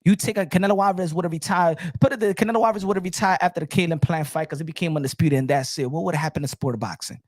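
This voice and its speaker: High-voiced guy ranting about boxing, loud and pushy, dry close sound. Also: rapid-fire, hardly any pauses, no echo. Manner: switches between English and Spanish, emphatic and loud. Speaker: boxing channel host. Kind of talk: animated rant.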